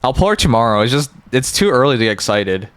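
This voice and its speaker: A man rambles and jokes with his chat during a live stream. His pitch rises and falls in an animated way. The sound is dry and close, with no room behind it. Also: fast, smooth, no echo. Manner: rambling, joking, talks to chat.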